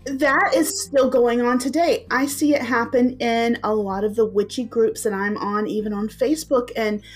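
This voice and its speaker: Woman host, breathy husky voice, supportive, asks questions, interview. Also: fairly high pitch, fairly even intonation, normal speed. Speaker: podcast host. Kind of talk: interview conversation.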